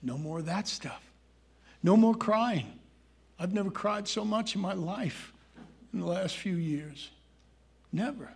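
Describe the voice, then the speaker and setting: A man's voice: sits high, expressive, a little slow, creaky, long pauses, slightly rough. A man preaching a sermon, folksy and conversational, reading scripture and asking his congregation questions. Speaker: pastor.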